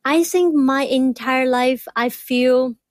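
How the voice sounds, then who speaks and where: A woman in her thirties, a doctoral student, speaks slowly and reflectively as an interview guest, open and candid. She stutters, repeating words, and her high, slightly mellow voice is heard in a dry recording.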